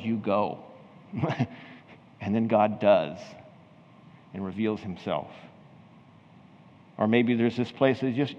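Man, pastor, casual storytelling sermon, earnest emphasis, long church reverb, dull lo-fi sound. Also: mid-range voice. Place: church sanctuary.

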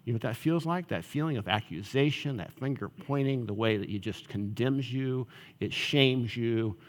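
A man's voice: mid-range voice, moderate pace. A male pastor giving a sermon in a conversational style, often checking in with the audience. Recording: long reverb of a large hall.

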